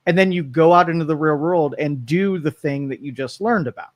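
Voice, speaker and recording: A male co-host on a live studio talk show, trading dry, teasing remarks with his partner. His voice sits a little high for a man, and the mic is close with no room sound. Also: a little fast, dry recording. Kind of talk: casual radio chat. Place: radio studio.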